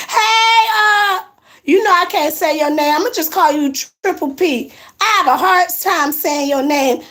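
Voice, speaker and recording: A woman with a high-pitched voice chats on a live stream. She teases her viewers and answers their comments as they come in. She talks from her apartment into a phone. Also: unhurried, fairly bright tone. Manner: chatty, teasing, answers comments aloud.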